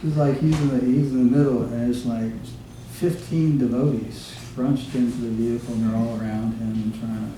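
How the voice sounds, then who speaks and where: A man giving an informal devotional remembrance talk, halting often with fillers and restarts as he recalls stories. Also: mid-range voice, steady tone, dark tone. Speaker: guest speaker. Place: devotees' home, recorded from across a room. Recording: echoey room from far off, faint hiss.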